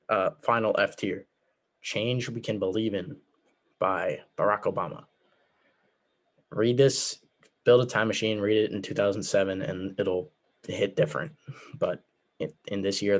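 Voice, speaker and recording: Teen boy, lowish voice, sarcastic, rambling, lots of fillers, casual book vlog. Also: vocal fry. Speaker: book reviewer.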